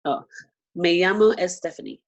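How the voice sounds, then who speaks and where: Gravelly-voiced woman student. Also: fairly low pitch, very animated, moderate pace, muffled recording. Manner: brief, compliant replies. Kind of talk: repeating after a teacher.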